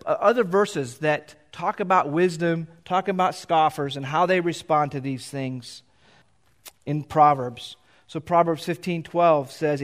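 A middle-aged pastor preaching in a church, reading scripture aloud and explaining it in a loose, conversational way. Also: male voice, on the high side. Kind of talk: sermon. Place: church sanctuary.

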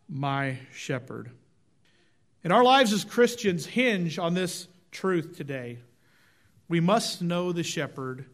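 Male preacher giving a sermon, slightly high voice, measured and emphatic. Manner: measured, emphatic, drops low at phrase ends.

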